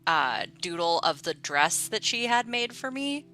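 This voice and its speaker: A woman with a very low but bright, forward voice describes her character's actions at the gaming table. She rambles, filling her sentences with "like" and "um". Her delivery is casual and unhurried. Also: very animated. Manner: rambling, full of "like". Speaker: player.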